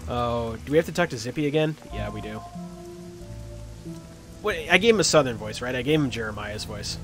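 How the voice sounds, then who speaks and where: A man's voice: medium pitch, expressive, brisk, over music. A man streaming a video game, chatting casually with lots of fillers as he plays. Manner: rambling, with many fillers. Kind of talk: casual gaming commentary.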